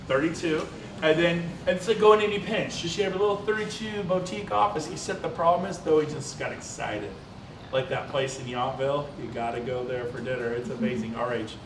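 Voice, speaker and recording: A man giving a live business presentation, energetic and quizzing the audience with quick questions. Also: a little high. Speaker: seminar presenter. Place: large event hall. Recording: echoey hall from far off, faint noise.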